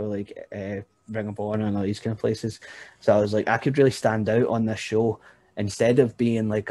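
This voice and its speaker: A young man, a wrestler guest on a podcast, telling stories in a casual, animated way with frequent laughs and "you know what I mean". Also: fairly low pitch, no room sound. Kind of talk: casual storytelling chat.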